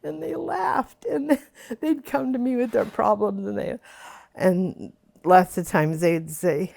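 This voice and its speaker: A woman's voice: medium pitch, slow pace, vocal fry, darkish tone. An older woman being interviewed for an oral history, reminiscing in a rambling way with many fillers.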